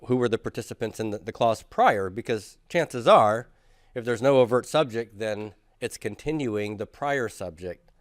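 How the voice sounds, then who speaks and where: A man's voice: lowish voice, dry recording. Guy teaching a grammar class, patient, makes everyone repeat after him, dry close mic sound. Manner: patient, drills students in chanted repetition. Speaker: Greek teacher. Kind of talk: classroom lecture.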